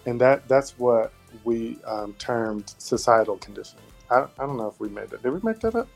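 A man's voice: mid-range voice, expressive, moderate pace, vocal fry, faint music behind. A man speaking as a guest on a podcast, talking loosely in casual conversation with lots of "you know" and "like". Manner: rambling, many "you know" and "like" fillers.

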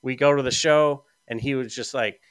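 A man's voice: mid-range voice, fairly even intonation, normal speed, smooth, dry recording. A middle-aged man chatting casually on a podcast, telling long stories with lots of fillers and restarts. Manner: rambling storyteller with frequent fillers. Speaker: podcast guest. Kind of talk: casual chat.

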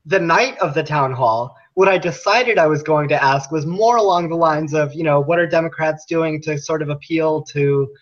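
A man's voice: a little high, normal speed, few pauses. A young man, a guest on a talk show, telling his story earnestly and laughing often. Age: young adult. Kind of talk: casual interview. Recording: muffled lo-fi line.

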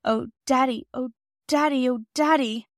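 A woman's voice: high voice, animated, fairly quick, no echo, studio quality, voice pushed up. A woman reading a storybook aloud, voicing a distraught young girl in a raised, pleading voice. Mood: tearful. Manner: pleading, tearful.

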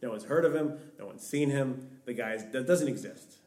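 A man's voice: medium pitch, moderate pace, darkish tone. A young man, a podcast guest, telling a long story in a rambling way, full of "like". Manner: rambling, heavy use of "like". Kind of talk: storytelling in casual conversation. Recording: echoey room, distant mic.

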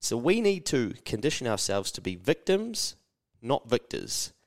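A man hosting a motivational solo podcast, energetic and blunt, swearing freely and mimicking naysayers in a higher voice. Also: a little slow. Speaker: podcast host.

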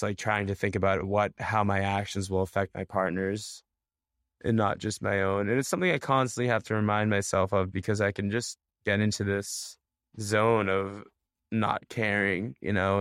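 A man's voice: fairly low pitch, fairly bright tone, no echo, studio quality. A young man from the United States, a bridge player answering interview questions in a loose, candid way with plenty of fillers and restarts.

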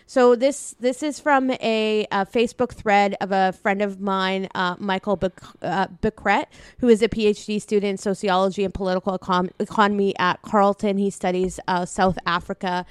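Woman, Canadian, podcast co-host, impassioned, restarts a lot, smooth clear voice, dry close sound. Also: mid-range voice, steady tone, moderate pace, few pauses, no room sound. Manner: impassioned, many restarts and swearing. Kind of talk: casual political chat.

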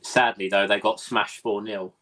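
A man co-hosting a live football podcast, weighing up points in a thoughtful, measured way. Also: lowish voice, flat delivery, sharp tone. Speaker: podcast co-host. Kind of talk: casual live podcast chat.

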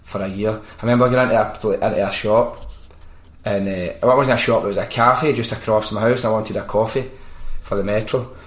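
A Scottish man hosts a casual podcast chat, telling animated, sweary stories. His voice sits on the lower side. The recording is roomy, with a noticeable echo. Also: fairly quick. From Scotland. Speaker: podcast host.

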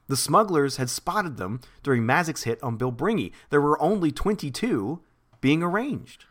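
A man's voice: on the high side, very animated, normal speed, a bit bright. A man co-hosting a podcast, recapping chapters in a rambling, laughing chat. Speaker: podcast co-host.

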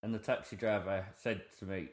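Young man, low voice, rambling podcast anecdote, roomy echo. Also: steady tone, fairly quick. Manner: rambling storyteller, self-mocking. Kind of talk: casual chat.

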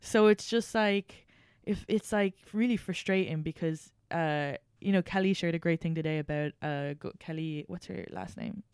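A young woman talks loosely as a podcast host, circling back and restarting her thoughts as she gets worked up. Her voice is smooth and resonant, recorded dry and close with no room sound. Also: fairly low pitch, normal speed, no echo. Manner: rambling, restarts often, animated. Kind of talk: casual chat.

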